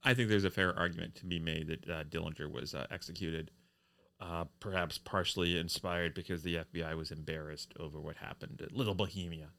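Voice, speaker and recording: Man podcast co-host, low bright voice, dry trivia asides. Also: fairly even intonation, brisk, gravelly. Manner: dry, brief interjections with film trivia. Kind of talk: casual film review chat.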